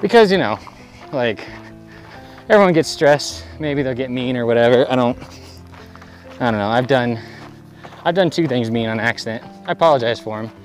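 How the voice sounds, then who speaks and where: A man's voice: mid-range voice, lively intonation, normal speed, long pauses, faint music behind, rough recording. A young man vlogging outdoors on a desert hiking trail, chatty and rambling with lots of fillers. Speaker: thru-hiker vlogger. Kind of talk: casual talking to camera on the trail.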